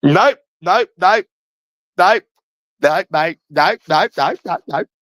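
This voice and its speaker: A man's voice: high-pitched, animated, slow pace, fairly bright tone, no room sound. A young man with a London accent, ranting in a taunting live stream and jeering at someone over and over. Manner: mocking, repetitive jeering.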